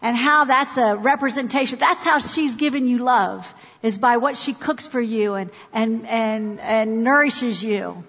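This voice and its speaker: A woman speaking to an audience in an animated, demonstrative way. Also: on the high side, measured pace, hardly any pauses. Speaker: speaker at a church gathering. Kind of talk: lively talk to an audience. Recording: dull sound with long hall reverb.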